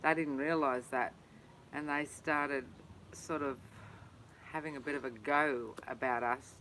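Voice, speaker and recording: A man's voice: medium pitch, pushed and bright, a little hiss or hum, rough recording. Easygoing man telling travel stories. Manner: easygoing storyteller, laughs along. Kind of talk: casual chat.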